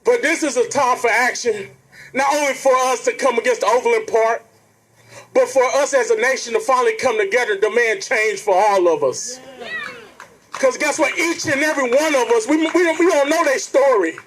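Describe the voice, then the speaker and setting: High-voiced man giving an impassioned rally speech. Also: normal speed, fairly bright tone, low-quality recording. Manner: earnest, preacherly, keeps addressing the crowd directly. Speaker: rally speaker. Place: outdoor protest rally.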